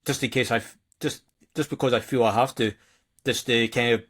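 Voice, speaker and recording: A man who hosts a podcast, speaking with a thick accent in a halting, hesitant way full of restarts. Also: medium pitch, steady tone, fairly bright tone, breathy edge. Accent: thick regional accent. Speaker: podcast host. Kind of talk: casual podcast chat.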